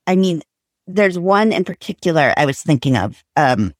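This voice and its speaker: A woman's voice: sits low, very animated, moderate pace, dry recording. A woman co-hosting a book discussion who talks in a thoughtful way with many hedging asides.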